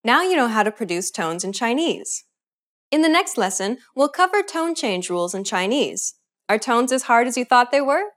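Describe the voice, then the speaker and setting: A woman narrating a scripted language lesson in a clear, measured instructional way. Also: a little high, sing-song. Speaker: language teacher.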